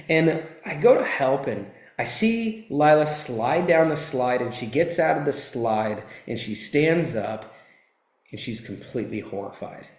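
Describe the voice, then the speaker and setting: A man's voice: mid-range voice, a little mellow, reverberant. A man in his thirties giving an intense, emphatic motivational talk, telling a personal story and swearing freely. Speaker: motivational speaker.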